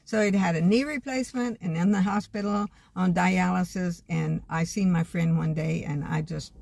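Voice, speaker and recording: An older woman's low, gravelly voice carries a homespun, earnest monologue. She speaks plainly and warmly of faith, as if chatting straight to her camera. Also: fairly even intonation, normal speed, no room sound. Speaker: vlogger. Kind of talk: casual reflective monologue.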